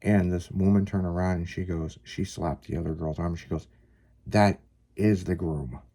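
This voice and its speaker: A man's voice: low-pitched, fairly even intonation, brisk, warm tone. A man casually telling a long personal story, rambling with lots of fillers and some swearing. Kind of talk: casual chat, personal anecdote.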